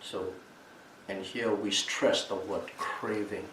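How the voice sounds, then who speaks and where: Slow, calm man giving a Dhamma talk. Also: fairly low pitch. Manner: calm, repeats and restates key terms. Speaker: meditation teacher. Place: retreat meditation hall. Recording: echoey room, mic at a distance, faint background noise.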